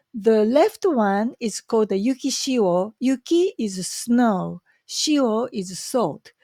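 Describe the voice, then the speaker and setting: A woman with a Japanese accent talks slowly and warmly in a chatty, enthusiastic vlog. Her voice sits a little high, and the sound is dry and close. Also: dry recording. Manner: chatty, enthusiastic, many fillers. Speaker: vlogger. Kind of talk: casual talk to camera.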